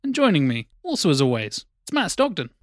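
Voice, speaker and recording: A man's voice: on the high side, huge pitch swings, fairly quick, dry recording, clean studio sound. A man hosting a comedy podcast in a chatty, jokey way, often correcting himself. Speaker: podcast host. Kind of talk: casual comedy podcast chat.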